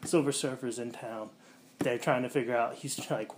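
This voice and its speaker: A man's voice: mid-range voice, steady tone, a little hiss or hum. Rambling male podcast host recapping plots. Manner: rambling plot recap full of fillers like um and like; acts out quotes in quick character voices. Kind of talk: casual podcast chat.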